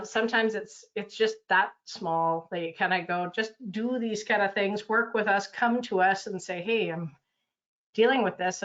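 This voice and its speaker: A woman coach talks loosely and chattily over a video call. She acts out what people said and fills her talk with "kinda" and "you know". Her voice sits at a middling pitch, and the sound comes through dull and lo-fi. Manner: chatty, loose, full of fillers, acts out quotes. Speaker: consultant and coach. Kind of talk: casual webinar talk.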